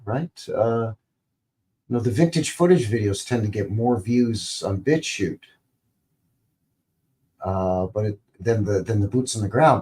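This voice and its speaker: A man's voice: on the low side, a little mellow. A man hosting a live stream, talking casually in a rambling, conversational way, full of "you know" and "right?".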